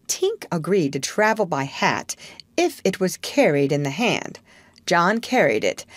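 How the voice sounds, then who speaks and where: A woman narrating a storybook audiobook for English learners with clear, measured storytelling. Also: deep voice, no room sound.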